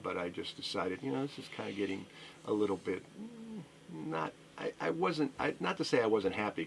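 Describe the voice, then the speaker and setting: A man's voice: on the low side, vocal fry, slight background noise. A middle-aged man who owns a record store, a radio interview guest telling a rambling story full of fillers and restarts.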